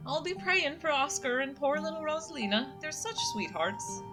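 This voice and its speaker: A woman's voice: sits high, expressive, moderate pace, music in the background, pitched above the performer's own voice. A woman putting on a sweet Irish pastor's wife. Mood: sympathetic. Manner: gushing, sweet. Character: kindly red-haired pastor's wife, motherly.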